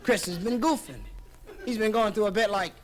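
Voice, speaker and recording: A man's voice: high-pitched, moderate pace. A man doing stand-up comedy, telling a story and switching animatedly between voices, on a crackly vinyl live album.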